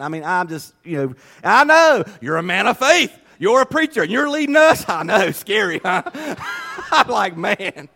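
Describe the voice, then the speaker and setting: High-pitched preacher guy in his 40s, folksy, tells stories and laughs a lot. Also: big pitch swings, moderate pace, creaky, pushed and bright. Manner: folksy, storytelling, laughing often. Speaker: pastor. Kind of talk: sermon. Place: church.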